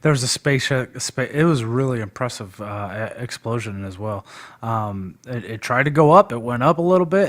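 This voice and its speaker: Guy rambling on a live stream, middle pitch, super casual and chatty. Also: animated, a little fast. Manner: chatty, rambling, loose and informal. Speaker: guest debater on a live stream. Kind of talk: casual political discussion.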